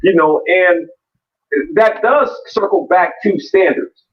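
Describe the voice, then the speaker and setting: A man's voice: sits high, slow. A man arguing his turn in an online debate, blunt and heavily profane, with many restarts and fillers. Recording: distant, muffled call audio.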